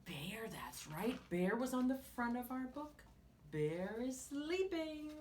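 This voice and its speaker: A woman teaching children, reading a picture book aloud with animated tones and hushed whispered asides. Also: on the high side, slow pace, a little hiss or hum. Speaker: children's story-time teacher.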